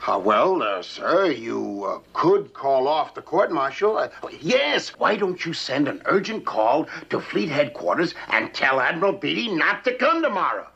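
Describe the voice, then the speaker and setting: A man's voice: on the high side, sing-song, a little slow, hardly any pauses, sharp tone, exaggerated voice. An actor playing a male boat skipper who talks his way around his superior in a placating tone, in a sitcom. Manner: placating, smooth-talking. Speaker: naval officer, boat skipper. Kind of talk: sitcom acting. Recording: dull old TV audio with hiss.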